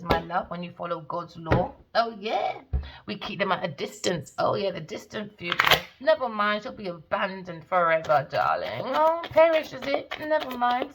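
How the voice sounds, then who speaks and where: A woman's voice: mid-range voice, background noise. Scornful woman ranting. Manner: scornful, profane, mocking sing-song taunts. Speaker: tarot reader. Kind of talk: ranting tarot reading.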